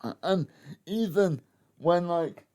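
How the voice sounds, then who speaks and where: A man's voice: high voice, lively intonation, takes it slowly, darkish tone. A man co-hosting a casual podcast chat, chatty and laughing as he interjects. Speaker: podcast co-host.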